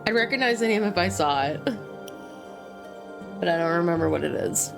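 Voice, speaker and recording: A woman streamer with a slight lisp chats casually with her viewers, her low voice carrying a gravelly fry. Clear music plays behind her on a desk mic. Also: lively intonation, measured pace. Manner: chatty, apologetic asides to viewers. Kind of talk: casual game stream chat. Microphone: desk mic near keyboard.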